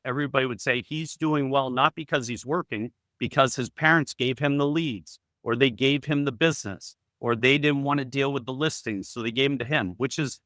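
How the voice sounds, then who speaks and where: A man's voice: medium pitch, no echo, studio quality. A middle-aged man, telling a story as a real estate guest and acting out both sides of a conversation. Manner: animated storyteller acting out dialogue. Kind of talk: storytelling in a talk.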